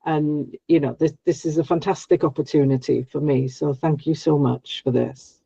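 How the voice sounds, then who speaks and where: A woman's voice: sits low, fairly even intonation, normal speed, vocal fry, dark tone, husky, no echo. A woman client asking a spiritual coach questions, hesitant and stammering over her words. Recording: dull, dry video-call audio.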